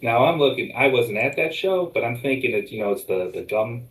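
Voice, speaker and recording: A man as a guest in a casual chat, talking haltingly with many restarts. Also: medium pitch, a bit bright, reverberant, poor audio. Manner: halting, full of fillers and restarts.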